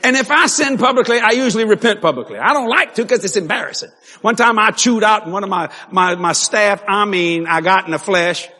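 A man preaching a sermon, telling stories animatedly with laughs and sudden shouts. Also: sits high, expressive, brisk. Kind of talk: sermon storytelling. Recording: long hall reverb.

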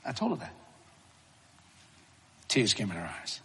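A middle-aged man preaching a sermon, telling stories in a folksy, animated way with frequent chuckles. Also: lowish voice, a little slow, slightly rough. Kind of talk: storytelling sermon. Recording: reverberant large hall.

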